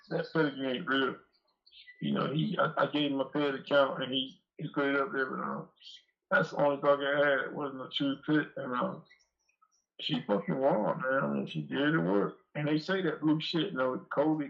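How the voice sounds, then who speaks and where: Guest: man with a raised, gravelly voice. Rambling, profane storyteller, heard on dull lo-fi audio. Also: a little high. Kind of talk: casual storytelling interview.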